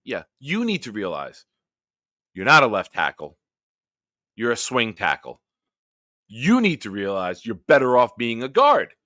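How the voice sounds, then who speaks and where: A man's voice: medium pitch, wildly swooping pitch, unhurried, pauses often, pushed and bright, no room sound, studio quality. Fired-up man ranting on a live stream. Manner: profane, heated ranting. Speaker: host. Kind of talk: live-stream sports rant and chat.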